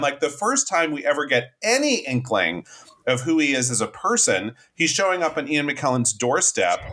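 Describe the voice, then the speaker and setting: A man of ordinary mid pitch co-hosts a film review chat. He sounds exasperated and sarcastic, swearing casually as he tears into the plot. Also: a bit bright. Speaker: podcast co-host.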